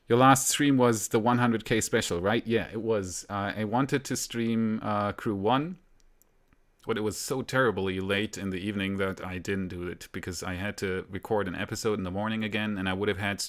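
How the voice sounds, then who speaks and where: A man from Germany hosting a live stream, chatting casually and rambling a little, with frequent fillers and soft laughs. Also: fairly low pitch. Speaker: livestream host.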